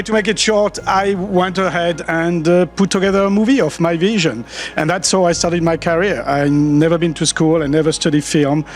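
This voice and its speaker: Playful French man speaking on stage. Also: fairly high pitch. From France. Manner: chatty, playful, self-mocking. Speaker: conference speaker. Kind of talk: conference talk. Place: large auditorium.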